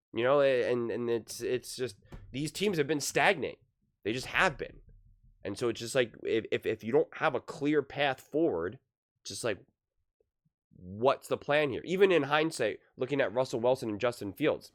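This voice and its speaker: A man's voice: very animated, normal speed. A man giving casual solo sports commentary, rambling with many restarts and growing more heated as he goes. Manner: rambling, many restarts, grows louder and higher when heated.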